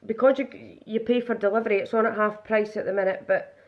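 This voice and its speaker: A woman's voice: mid-range voice, fairly even intonation, a little fast, highs cut off. A woman chatting casually through a live makeup demonstration, narrating each step aloud.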